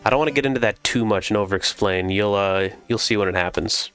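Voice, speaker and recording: A man streaming a video game, chatting casually and relaxed with his viewers. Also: fairly low pitch, fast talker, clean tone, dry recording. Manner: relaxed, chatty, talks to chat.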